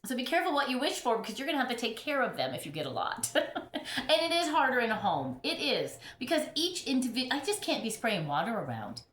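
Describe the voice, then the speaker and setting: A woman's voice: on the high side, sing-song, fairly quick, a bit bright, echoey room, a little hiss or hum. A middle-aged woman chatting casually about her houseplants at home, rambling and laughing often while getting over an illness. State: recovering from illness. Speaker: houseplant vlogger. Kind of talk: casual chat. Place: home full of plants.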